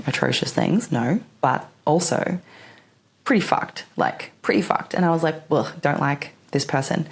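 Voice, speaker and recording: A woman's voice: low-pitched, creaky. A woman talking casually to camera about spiritual matters, laughing often, swearing lightly, and acting out her own remarks. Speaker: spiritual vlogger.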